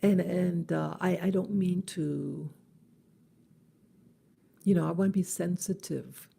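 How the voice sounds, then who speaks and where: Slow, gravelly woman vlogger. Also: on the low side, steady tone, warm tone. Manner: halting, many restarts and fillers. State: early-morning voice. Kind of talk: casual monologue to camera.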